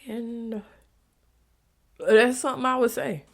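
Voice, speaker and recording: A young adult woman hosting her own podcast, talking candidly and bluntly about her life, with frequent profanity and stretches where she drops to a soft whisper. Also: fairly high pitch, steady tone, takes it slowly, vocal fry. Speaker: podcast host. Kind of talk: candid confessional monologue.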